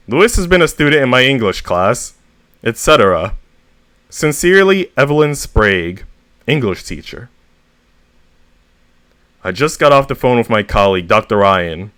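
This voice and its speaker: A man reading humorous short stories aloud with a deadpan comic delivery, as a VTuber reader. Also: medium pitch, smooth, dry recording.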